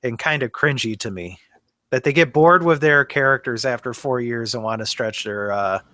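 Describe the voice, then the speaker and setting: A man's voice: medium pitch, normal speed, bright, forceful tone, no room sound, studio quality. A man co-hosting a podcast, making wry, sarcastic remarks in casual chat. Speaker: podcast co-host.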